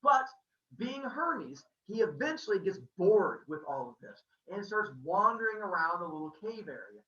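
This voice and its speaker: Host telling a comic story, lively pitch, bright tone, casual and jokey with sound effects. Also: male voice, moderate pace, roomy sound, far from the mic, muffled recording. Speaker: podcast host. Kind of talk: comedic mythology storytelling.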